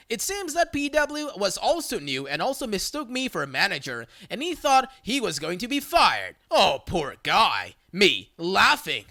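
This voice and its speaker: Bright lively narrator reading reddit stories, dry close mic. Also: mid-range voice, normal speed, few pauses, dry recording. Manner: lively, playful storytelling. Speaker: story narrator.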